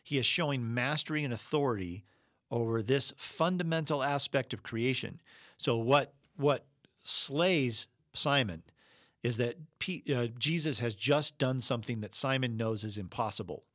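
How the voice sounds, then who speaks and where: A man's voice: mid-range voice, normal speed, a bit bright, no room sound, clean studio sound. A man teaching a sermon-style Bible lesson in a conversational, emphatic way with frequent fillers. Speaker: preacher.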